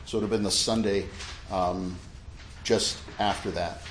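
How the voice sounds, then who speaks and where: Low-voiced pastor man in an echoey hall. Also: fairly even intonation, normal speed, a little hiss or hum. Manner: reads the statement in a forceful preaching voice; chatty, with restarts and laughter in the casual part. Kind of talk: church talk and read-aloud statement. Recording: echoey room with faint ambience.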